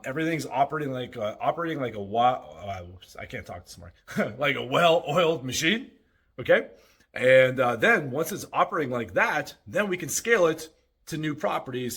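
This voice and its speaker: A man's voice: mid-range voice, a bit bright, slightly rough. A man hosting a casual vlog, chatting upbeat to a handheld camera while moving around indoors in rental houses. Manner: upbeat, chatty, thinking aloud. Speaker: vlog host and short-term rental owner.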